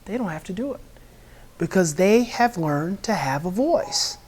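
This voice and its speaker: A woman's voice: on the low side, lively intonation, a little slow, darkish tone, breathy edge. A woman guest in an interview explaining parenting in an earnest, repetitive way. She acts out a child's angry outbursts and a parent's soothing words. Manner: earnest, repeats words and restarts often.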